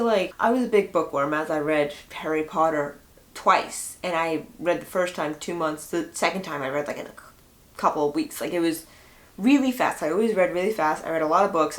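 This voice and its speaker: A teenage girl in her late teens, vlogging and telling stories in a chatty way, full of "like" fillers. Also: on the low side. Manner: chatty, filler-heavy storytelling. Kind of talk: casual chat to camera.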